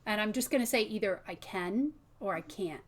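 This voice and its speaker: This is a woman coaching a learner's pronunciation in a private lesson. Her voice sits at an ordinary middle pitch. She is patient, and she drops to a soft, slow delivery whenever she models a word. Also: expressive, breathy edge. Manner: patient, models sounds slowly and softly.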